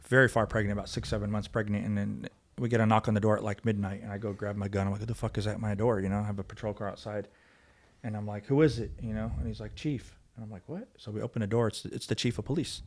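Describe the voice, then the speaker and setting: A man speaking quickly and with a low voice, recounting events with emphasis and acting out the lines of the people in the story. He sounds like a guest in a podcast studio, close to the microphone. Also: level tone. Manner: fast, emphatic retelling, acting out quoted voices. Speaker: guest, former police officer. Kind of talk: conversational storytelling.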